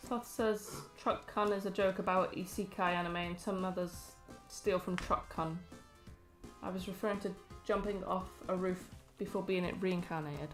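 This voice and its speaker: A woman co-hosting a stream in blunt, deadpan casual chat, reading chat messages aloud. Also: on the low side, moderate pace, reverberant, soft background music.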